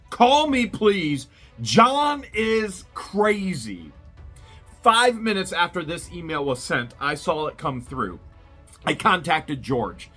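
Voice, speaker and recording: Brief: male vlog host, bright, lively, higher-pitched delivery, indignant commentary over faint music. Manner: animated and indignant, rhetorical questions. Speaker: vlogger and citizen journalist host. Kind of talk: outraged commentary to camera.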